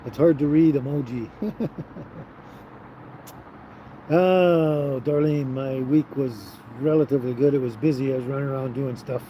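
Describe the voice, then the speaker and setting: A man reads and responds to viewer chat on a casual outdoor livestream, easygoing and often chuckling or trailing off with fillers. His mid-range voice is fairly even and measured, with frequent pauses, and the audio has its highs cut off and noticeable traffic noise.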